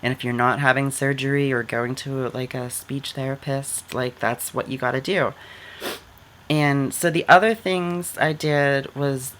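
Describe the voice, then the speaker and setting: A woman's voice: a bass voice, fairly bright tone. A woman vlogger giving casual advice into her computer camera, talking loosely with lots of "like" fillers. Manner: chatty, many "like" fillers.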